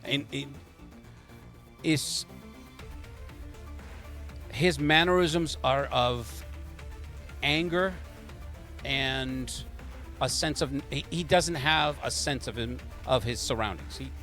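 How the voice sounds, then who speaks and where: A man's voice: mid-range voice, slow pace, long pauses, fairly bright tone, soft background music. Rambling male game master. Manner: rambling, many fillers and restarts. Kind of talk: narrating a tabletop game.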